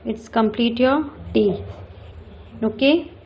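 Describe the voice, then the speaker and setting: A woman teaching children cursive handwriting, giving slow step-by-step instructions and repeating each stroke. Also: a little high, muffled recording, a little hiss or hum. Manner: switches between English and Hindi.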